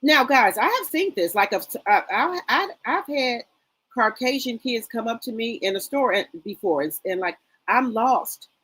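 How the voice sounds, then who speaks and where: A woman's voice: on the high side, animated, moderate pace, fairly bright tone, slightly rough, low-quality recording. Woman, middle-aged, livestream host: casual gossip chat, greets everyone by name, rambly with fillers. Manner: chatty, greets viewers by name, trails off with fillers. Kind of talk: casual live chat reading viewer comments.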